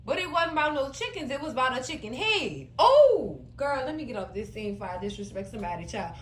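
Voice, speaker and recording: A woman recapping a TV episode in a sassy, animated way, addressing her viewers as cousins. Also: high-pitched, fast talker, reverberant, low-quality recording. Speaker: show recap host. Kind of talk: casual recap commentary.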